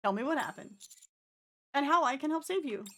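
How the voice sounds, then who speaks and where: A woman voicing a calm, steady male commander who speaks in a measured, reassuring way. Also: sits high. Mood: probing.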